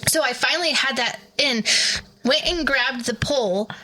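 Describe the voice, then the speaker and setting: A woman's voice: high voice, normal speed, bright, forceful tone, rough recording. A woman in her thirties, a podcast co-host, animatedly retelling a story in casual chat and acting out the quoted voices.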